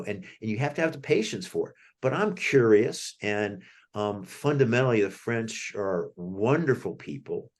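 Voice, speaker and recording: A fairly low, darkish-toned voice belongs to an American man appearing as an author in a conversational interview. He tells rambling anecdotes with many restarts.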